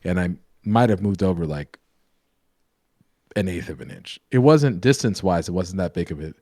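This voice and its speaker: A man with a deep, low voice chats about art on a live painting stream. He explains in loose, winding sentences that keep restarting. The sound is close and dry. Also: expressive, normal speed, a little mellow, no room sound. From New York. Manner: rambling, self-correcting explainer. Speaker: co-host, painter and drawing teacher. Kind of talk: casual live-stream chat.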